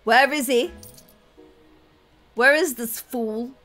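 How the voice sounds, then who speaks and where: Woman, gaming commentary, high voice, slow and drawn out, theatrical, giggly. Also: fairly bright tone, faint music behind. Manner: theatrical, playfully menacing, giggly. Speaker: gaming YouTuber. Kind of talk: playful let's-play commentary.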